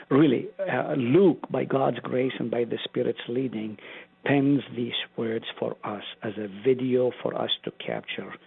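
A man teaching scripture as a pastor, his delivery earnest and emphatic. His voice is gravelly and husky. It comes through a thin, tinny phone line. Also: medium pitch. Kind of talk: Bible study teaching.

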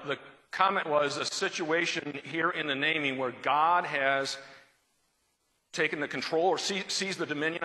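Bright-voiced man teaching a Bible class. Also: fairly high pitch. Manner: conversational, explanatory, reads scripture aloud. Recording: long hall reverb.

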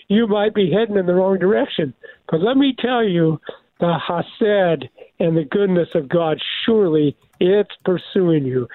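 Older male pastor, guest by phone, high gravelly voice, animated preacher's delivery. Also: no room sound. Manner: animated, preacherly, many restarts. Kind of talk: devotional radio talk. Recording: tinny phone line.

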